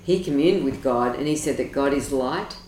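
A woman's voice: rumbling low, moderate pace, a little mellow. A woman, an astrologer being interviewed, telling stories with eager, wandering enthusiasm. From Australia. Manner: enthusiastic, digressive storytelling. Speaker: astrologer guest. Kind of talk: interview conversation. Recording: roomy, distant mic with faint noise.

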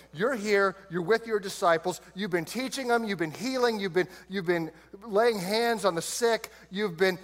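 A man's voice: high-pitched, fairly bright tone. A man preaching a sermon, telling the story with humor and playful put-on voices for the characters. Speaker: pastor.

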